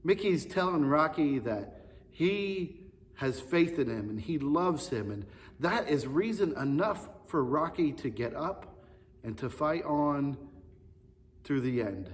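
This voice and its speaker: A male pastor giving an earnest children's sermon, repeating key phrases for emphasis. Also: medium pitch. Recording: long reverb, echoey hall.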